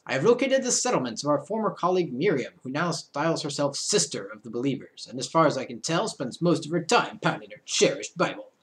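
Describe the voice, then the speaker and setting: A man's voice: on the high side, very animated, fairly quick, few pauses. A man reading out a stern male authoritarian faction leader in a cold, clipped, self-assured put-on voice. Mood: coldly formal.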